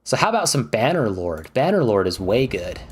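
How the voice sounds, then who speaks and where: A man's voice: fairly low pitch, big pitch swings, brisk. A man streaming and ranking games, chatting in a casual, enthusiastic way with plenty of fillers and restarts. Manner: chatty and rambling, with many fillers. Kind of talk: casual livestream commentary.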